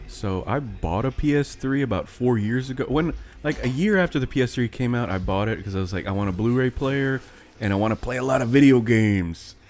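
A man's voice: medium pitch, expressive, fairly quick, darkish tone, soft background music. A man hosting a casual podcast, rambling and restarting his sentences, laughing often. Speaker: podcast host. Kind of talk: casual chat.

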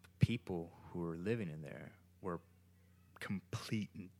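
A man with a low, gravelly voice tells a story in a loose, rambling way, swearing freely and stumbling over his own restarts. He talks casually from his kitchen at home. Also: normal speed, a little mellow. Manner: profane, rambling, many restarts.

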